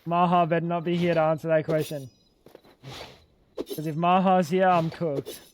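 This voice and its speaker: A young man with a high voice rambles and jokes to his chat while playing a game, swearing freely. He speaks into a desk microphone at home. Faint crickets and outdoor sounds sit behind him. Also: little pitch movement, moderate pace, slight background noise. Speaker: streamer. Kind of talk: casual gaming stream commentary.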